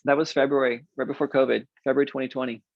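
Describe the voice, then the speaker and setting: A man's voice: medium pitch, level tone, racing, creaky, no echo, muffled recording. A man in his forties, an interview guest, candidly telling a self-deprecating personal story in a casual way. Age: 40s.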